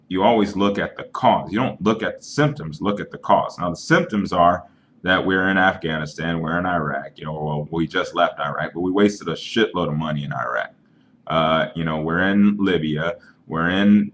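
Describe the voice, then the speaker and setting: A man's voice: deep voice, a bit bright, slight background noise. A man making an argumentative, earnest case in a casual webcam rant, explaining his point through analogies. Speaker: vlogger.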